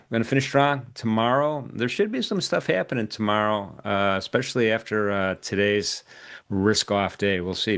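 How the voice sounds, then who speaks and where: A man's voice: on the low side, a bit bright, smooth. A man hosting a live trading stream, chatting casually and joking with guests, with many filler words. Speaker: host of a live trading show. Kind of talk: casual livestream sign-off chat.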